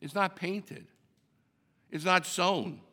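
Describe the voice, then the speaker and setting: A man, a priest, giving the Mass readings and homily in a measured, deliberate delivery. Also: high voice, sharp tone. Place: church. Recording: long church reverb.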